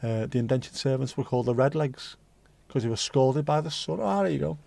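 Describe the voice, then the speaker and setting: A man's voice: mid-range voice, brisk, vocal fry, mellow, a little hiss or hum. Chatty man hosting a livestream. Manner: chatty, rambling, swears casually. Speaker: livestream host. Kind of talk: casual chat reading viewer comments.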